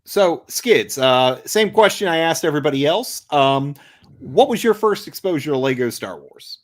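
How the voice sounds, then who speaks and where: A man hosting a casual podcast chat, animated, often stammering and repeating words when excited. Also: on the high side, normal speed. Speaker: podcast host.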